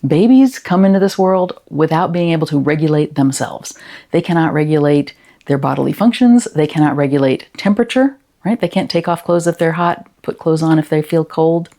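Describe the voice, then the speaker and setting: Low mellow woman giving a gentle talk to teachers, kinda gravelly, asks lots of questions. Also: expressive, a little fast. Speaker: educator and consultant. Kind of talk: presentation talk to educators.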